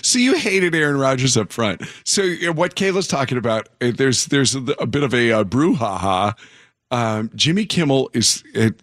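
A man's voice: mid-range voice, a bit bright, no room sound, clean studio sound. A man hosting a morning radio show, telling a news story in a rambling, self-interrupting way.

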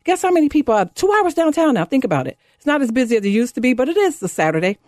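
A woman in her fifties hosting a talk radio show, delivering a fired-up, sarcastic monologue that climbs high when she gets indignant. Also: sing-song, rapid-fire, darkish tone, no echo, clean studio sound. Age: 50s. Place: radio studio. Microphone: studio microphone.

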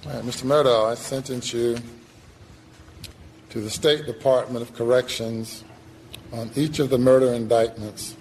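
A male judge speaking slowly and with weight, each phrase measured. His voice sits at a middle pitch. A faint hiss of background noise runs under the clip. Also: fairly even intonation, darkish tone, rough recording. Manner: very slow, deliberate delivery. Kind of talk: formal courtroom sentencing.

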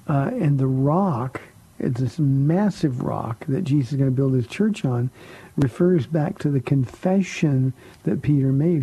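A man's voice: mid-range voice, a little slow, mellow, husky, no echo, rough recording. A middle-aged man, a pastor hosting a call-in radio show, answering Bible questions and telling stories with many fillers and restarts.

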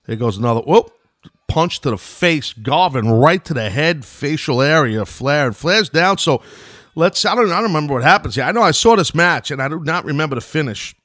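A man's voice: a little high, expressive, brisk, fairly bright tone, no room sound, clean studio sound. A middle-aged man with a New York accent, hosting a podcast and giving casual, rambling play-by-play of an old wrestling match, drifting into asides. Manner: loose and chatty, wanders into asides.

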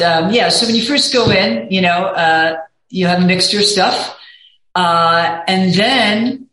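A woman's voice: fairly low pitch, a bit bright. Middle-aged woman guest, candid and rambling, recorded in a roomy echo. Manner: rambling, candid, peppered with 'you know'. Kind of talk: casual interview chat. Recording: echoey room.

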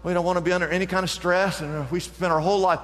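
A man preaching with real fervor, his voice pitched high and rising higher when he drives a point home. The sound carries a long reverb, as if from a large hall. It is an energetic sermon delivery. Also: fast talker. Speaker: pastor.

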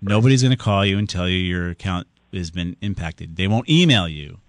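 A man's voice: low-pitched, animated, brisk, no echo. Joking male radio tech show host. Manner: joking, teasing callers. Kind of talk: casual call-in advice.

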